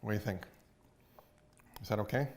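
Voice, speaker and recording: A man's voice: fairly low pitch, brisk, gravelly. A man hosting a cooking show from a cottage kitchen, chatting and explaining as he cooks. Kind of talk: casual cooking demo.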